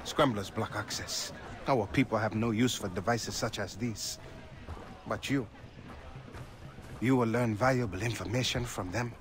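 A man's voice: lowish voice, unhurried, pauses often, background noise, close to an everyday voice. A man voicing a solemn island tribe guide. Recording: game audio under music.

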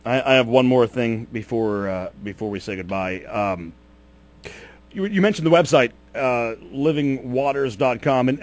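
A man hosting a radio interview who asks questions hesitantly, with many fillers. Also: mid-range voice. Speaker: radio host.

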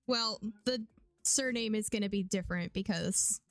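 Young woman streamer, casual game commentary, excitable, faint music behind, dry. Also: mid-range voice, moderate pace, no room sound. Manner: excitable, squeals and laughs often, chatty.

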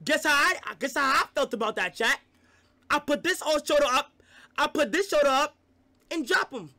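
A young man with a high, bright, edgy voice talks loudly and excitably while streaming live. He trades rough, profane banter with his chat at full energy. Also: moderate pace.

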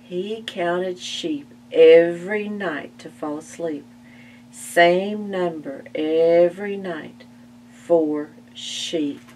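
A woman reads a children's picture book aloud for a library storytime, very slow and deliberate, with expressive gasps. She sits back from the mic, and a faint hum runs under the recording. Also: lowish voice, recorded from a distance.

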